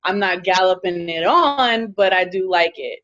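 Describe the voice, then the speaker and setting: Earnest lower-voiced woman, dull sound. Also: expressive, unhurried, fairly bright tone. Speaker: panelist. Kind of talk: casual panel discussion.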